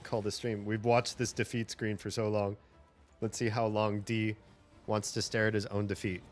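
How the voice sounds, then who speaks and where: A man's voice: lowish voice, level tone, moderate pace. A male streamer chatting casually with viewers, rambling and lecturing about language and accents. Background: faint game music.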